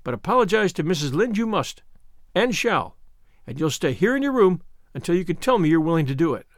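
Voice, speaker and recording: A man's voice: sits high, big pitch swings, a little fast, dry recording. A man reading an audiobook, voicing a strict, dry, reproving middle-aged woman. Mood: dry, firm.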